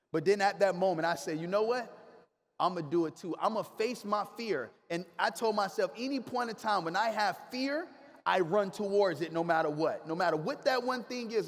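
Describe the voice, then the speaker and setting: A man giving an energetic, preachy motivational speech to a live crowd in a large hall, talking in slang and getting the audience to repeat after him. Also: high-pitched. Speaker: motivational speaker. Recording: long hall reverb.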